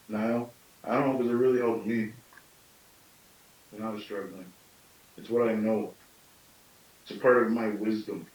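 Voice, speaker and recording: Storyteller, male, late thirties, slightly deep, musing teaching talk, recorded far off in an echoing room. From Canada. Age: late 30s. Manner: thoughtful, with self-questioning asides.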